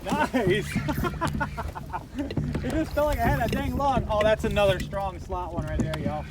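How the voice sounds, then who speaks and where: A man, excitedly narrating his fishing out on the water in a hyped, exclamatory way. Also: sits high, measured pace, heavy background noise. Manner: hyped and exclamatory, keeps shouting "heck yeah, baby". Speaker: fishing vlogger. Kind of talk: excited play-by-play while fishing. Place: outdoors on a kayak on open water. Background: loud background music.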